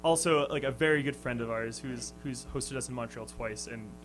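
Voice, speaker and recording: Faint music plays behind a young guest musician from a touring band as he tells a casual story in a radio studio interview. His medium-pitched voice is fairly bright at a moderate pace, and he laughs often, stumbling through ums and restarts on a low-quality recording.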